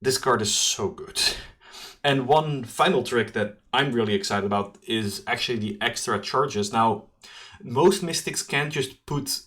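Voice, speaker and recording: A man's voice: medium pitch, a bit bright. Enthusiastic man reviewing game cards. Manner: enthusiastic, quick asides and self-corrections. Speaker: card game preview host. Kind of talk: solo card review commentary.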